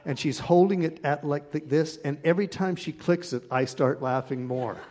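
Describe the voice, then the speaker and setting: A male pastor preaches a sermon, telling a personal story in an animated, conversational manner. His voice sits on the high side and he speaks at a normal speed.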